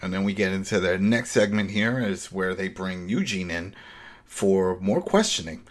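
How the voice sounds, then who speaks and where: A man's voice: low voice, normal speed. A man hosting a casual TV recap podcast, acting out the characters' lines in big voices. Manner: animated, acts out quotes in big voices. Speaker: podcast host.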